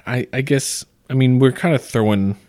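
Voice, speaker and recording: A man's voice: mid-range voice, normal speed, a little mellow, dry recording, studio quality. A man co-hosting a podcast in casual chat, hesitant and stammering through restarts. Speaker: podcast co-host.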